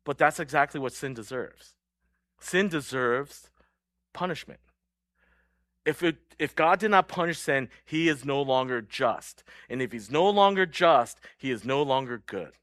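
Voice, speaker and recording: Young male pastor, relaxed joking sermon delivery, bright tone. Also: mid-range voice, unhurried, dry recording. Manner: casual, joking, laughs often.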